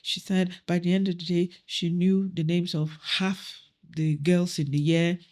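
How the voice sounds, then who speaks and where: A middle-aged woman from Nigeria, speaking a little low in her range. She tells personal stories as a podcast guest. She acts out the voices of the people she quotes with lively energy. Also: a little slow. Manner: animated storyteller who acts out quoted dialogue. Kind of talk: storytelling in a podcast interview.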